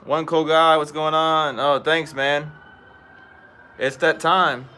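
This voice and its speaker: Male stream host, very bright, forceful tone, easygoing outdoor chat. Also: on the high side, level tone, slow, clear, resonant tone. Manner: chatty, greets viewers by name. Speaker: fishing livestream host. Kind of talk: casual live-stream chat. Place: outdoors at home.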